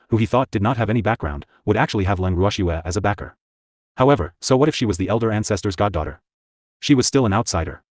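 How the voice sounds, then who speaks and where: A man narrating a fantasy novel audiobook in a steady, scripted storytelling read. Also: lowish voice, no echo, studio quality.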